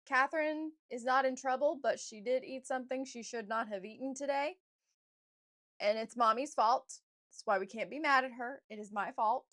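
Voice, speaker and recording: A woman's voice: a little high, a bit bright. A woman author chatting casually to viewers on a livestream, rambling with many fillers and restarts and often addressing them as "you guys.". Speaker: author livestreaming a writing session.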